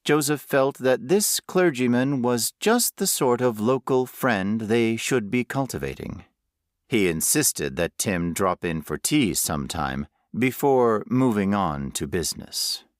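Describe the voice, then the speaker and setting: A man reads a horror story aloud at a slow, deliberate pace. His voice sits on the low side, yet the pitch moves a lot. The recording is close and dry. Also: no room sound. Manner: unhurried, expressive reading. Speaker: audiobook narrator. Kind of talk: scripted narration.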